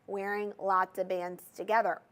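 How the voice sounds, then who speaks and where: A woman's voice: mid-range voice, level tone, normal speed, fairly bright tone. A young woman with a Southern US accent, hosting a TV jewelry shopping show in a bubbly, chatty, salesy manner. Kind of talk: TV shopping presentation.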